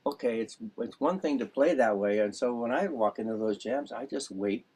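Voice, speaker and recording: A man's voice: mid-range voice, normal speed, darkish tone, slightly rough, rough recording. A man teaching a music class over a video call, rambling through homely analogies. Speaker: dulcimer teacher. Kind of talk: casual class introduction.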